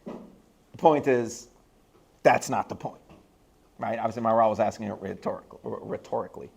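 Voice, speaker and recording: A man's voice: lowish voice, normal speed, gravelly, slightly rough. A man teaching a class in a school classroom, joking and rambling between points and repeating key lines for emphasis. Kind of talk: lively classroom lecture with asides.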